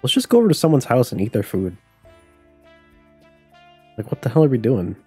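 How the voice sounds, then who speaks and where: A man's voice: medium pitch, wildly swooping pitch, a little fast, warm tone, breathy edge, faint music behind. A man streaming a life-sim game live, joking and swearing his way through the commentary. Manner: playful, profane, laughs often.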